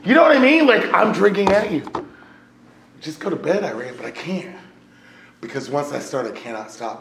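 A man telling a personal testimony to a live audience as an animated storyteller. His delivery swings from loud excitement to hushed near-whispers. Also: mid-range voice, vocal fry, a little hiss or hum. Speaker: speaker sharing his recovery story. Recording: echoey room.

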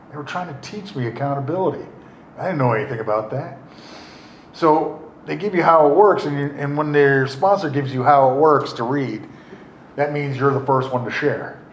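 A middle-aged man telling his recovery story in a rambling, wry way, full of fillers and restarts. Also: on the high side. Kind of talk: casual spoken storytelling. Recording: roomy echo, faint noise.

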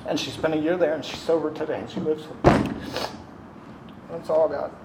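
A man's voice: fairly high pitch, fairly even intonation. Earnest young man sharing in an echoey room. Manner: halting, earnest, many ums and uhs. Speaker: speaker sharing his recovery story. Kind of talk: personal testimony at a recovery meeting. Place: meeting room. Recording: echoey room with background noise.

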